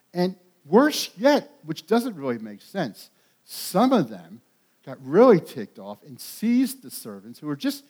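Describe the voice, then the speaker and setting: A man with a high voice preaches to his congregation. His delivery is animated and emphatic, swelling to loud peaks with repeated words and quick restarts. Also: husky. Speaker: pastor. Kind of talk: sermon.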